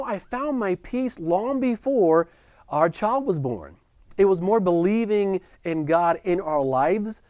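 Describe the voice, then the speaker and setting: Man, earnest storytelling, fairly high voice, dry close sound, goes quiet at tender parts. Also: no echo. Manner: earnest and heartfelt, drops soft and quiet at tender moments. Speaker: speaker at a business chamber event. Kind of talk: personal story told as a virtual talk. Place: at home or office for a virtual presentation. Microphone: close video call mic.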